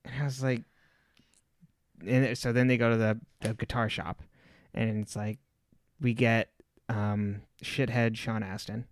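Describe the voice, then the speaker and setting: A man's voice: mid-range voice, flat delivery, measured pace, pauses often, no echo, studio quality. Laughing, rambling male podcast co-host. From Southern California. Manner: rambling anecdotes, laughs often. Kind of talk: casual chat recapping a TV episode.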